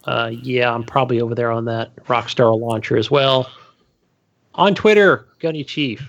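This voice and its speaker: A man's voice: medium pitch, moderate pace, vocal fry, fairly bright tone, lo-fi sound. A man co-hosting a casual gaming podcast, laid-back and easygoing. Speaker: podcast co-host. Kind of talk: casual chat.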